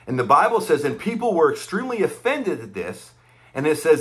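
A man's voice: high-pitched, big pitch swings, moderate pace, fairly bright tone. A man giving impassioned, conversational preaching commentary, repeating his points with emphasis. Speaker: online preacher commenting on church news.

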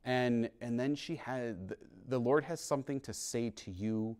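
A male priest telling his conversion story to a parish class in an earnest, halting way, with many restarts. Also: mid-range voice, darkish tone. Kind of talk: informal testimony to a parish class. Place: parish hall.

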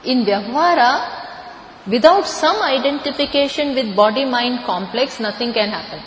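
A woman's voice: on the high side, animated, moderate pace, a little hiss or hum. A woman with an Indian accent giving a scripture lecture as a spiritual teacher, explaining patiently and repeating key words for emphasis. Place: lecture hall. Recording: echoey hall, faint ambience.

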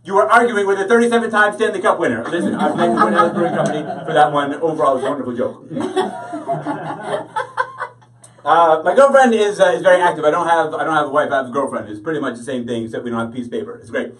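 A man doing a rambling, self-deprecating stand-up set with a deadpan delivery, in front of a live audience. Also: on the high side, racing, hardly any pauses, far from the mic, slight background noise, low-quality recording. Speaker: stand-up comedian. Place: comedy show with live audience.

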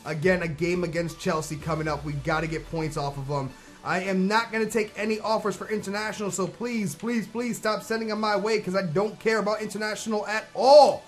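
A man commentating on his own football video game, excitable and slangy, who shouts at the plays. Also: sits high, brisk, soft background music. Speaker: gaming commentator.

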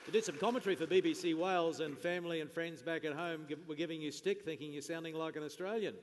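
On stage at a lunch event in a large function hall, a man serves as MC and interviewer for an awards lunch, bringing an upbeat, jokey presenter style. He talks fast in a slightly high voice. The big hall adds long reverb, with faint room noise underneath.

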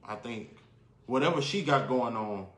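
A man, a guest on a casual live-stream chat, laying out his opinions in a measured, down-to-earth way. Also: medium pitch, expressive. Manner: measured, explains his view with everyday examples. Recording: echoey room.

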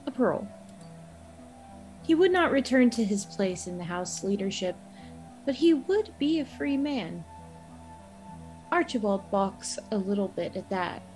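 A woman's voice: mid-range voice, darkish tone, low-quality recording. Woman reading a game recap over music. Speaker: player recapping the last episode.

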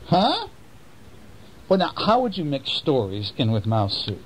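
A father reading a bedtime storybook to his children at home, chatting gently and coaxing them with questions. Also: fairly high pitch, huge pitch swings, unhurried, slight background noise, low-quality recording.

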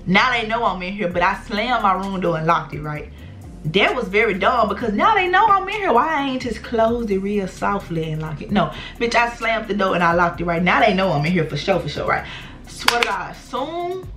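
A young adult woman vlogger telling a storytime straight to her viewers. She talks in an animated, slangy way and swears freely. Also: mid-range voice. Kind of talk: storytime vlog.

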